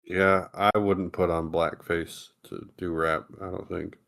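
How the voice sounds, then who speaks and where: A man on a casual podcast, pushing back with dry, deadpan remarks. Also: low-pitched, measured pace, gravelly, no room sound. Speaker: podcast co-host.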